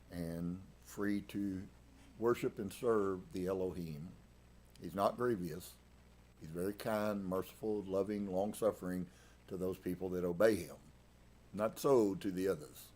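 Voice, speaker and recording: A man leading a live-streamed Sabbath service, preaching in a conversational way with many restarts and sudden shifts in emphasis. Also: lowish voice. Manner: conversational, with frequent restarts and emphatic swings in loudness. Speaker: congregation leader. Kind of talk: casual live-streamed sermon.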